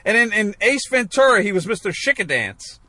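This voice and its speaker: A man with a high, bright voice chatting casually and rambling through movie trivia. His pitch moves widely, and he now and then acts out lines in a gruff, shouted voice. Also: big pitch swings, brisk, no echo. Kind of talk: casual chat.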